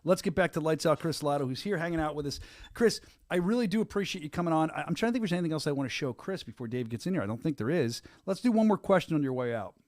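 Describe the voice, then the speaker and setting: A man's voice: on the high side, lively intonation, rapid-fire, a little mellow, dry recording, studio quality. A middle-aged man hosting a casual podcast, joking and laughing often. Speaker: podcast host.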